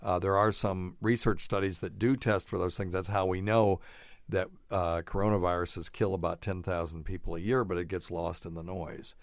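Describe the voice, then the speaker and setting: A man's voice: deep voice, no echo, clean studio sound. A male doctor hosting a podcast in a casual chat, thinking aloud as he reads through studies and adds chuckling asides.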